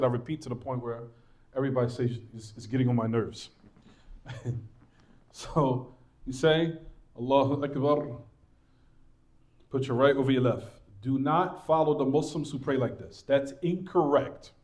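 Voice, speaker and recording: A man's voice: mid-range voice, darkish tone. A man teaching a religious class in a mosque, repeating points, reassuring his students and asking them rhetorical questions. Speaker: Islamic teacher.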